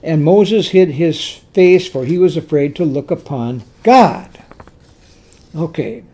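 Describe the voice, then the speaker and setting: This sermon comes from a preacher with a mid-range, slightly rough voice speaking slowly. He is emphatic and animated, repeating key words and restarting phrases while the story builds.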